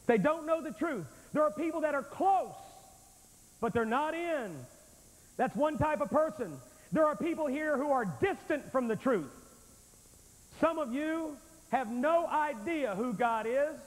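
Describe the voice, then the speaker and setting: A man's voice: very high voice, lively intonation, a little slow. A man preaching a revival sermon to a large congregation, folksy and emphatic as he speaks straight to the crowd. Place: large church sanctuary with thousands present. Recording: reverberant hall on an old VHS tape.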